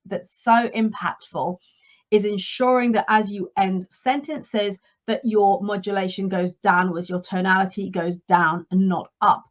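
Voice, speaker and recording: A woman coaching her listeners in a solo podcast talk, instructive and steady, stressing key points by repeating them. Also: medium pitch, lo-fi sound. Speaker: leadership and career coach.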